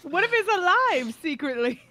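A woman's voice: very high voice, normal speed, no echo. A woman playing in a tabletop game, chatting casually and giggling often. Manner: giggly, animated. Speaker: player.

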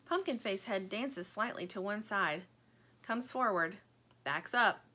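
A woman reading a children's storybook aloud in an expressive, animated storytelling manner. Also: mid-range voice. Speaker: audiobook narrator.

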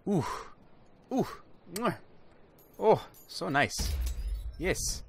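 A man giving excited, chatty commentary while opening game loot boxes, exclaiming loudly at good items and talking to his viewers. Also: medium pitch, unhurried, pauses often. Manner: chatty, addresses viewers as guys. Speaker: gaming YouTuber.

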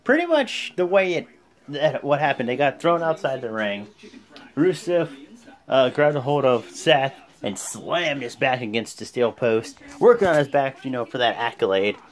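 A man hosting a casual vlog, recapping events in a rambling, animated way. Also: medium pitch, moderate pace. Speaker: host.

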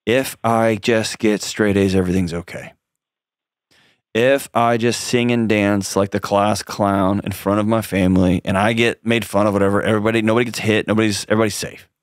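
A man's voice: on the low side, fairly even intonation, brisk, smooth, no echo, clean studio sound. A man hosting a call-in advice show, coaching a caller in an earnest, direct way with frequent restarts.

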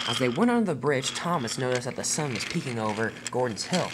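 Animated toy-train storyteller. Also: medium pitch, fast talker, heavy background noise.

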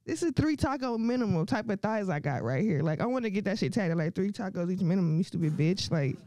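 A woman's voice: medium pitch, expressive, fast, mellow. A woman doing a crude, brash stand-up comedy set, laughing often between her lines.

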